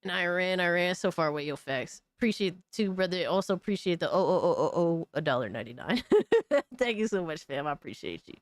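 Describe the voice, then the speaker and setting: Hosting a live gaming news stream, this woman speaks briskly in a lowish voice with lively intonation, recorded at studio quality without echo. She's loose and foul-mouthed with viewers, often laughing and calling folks brother and dog.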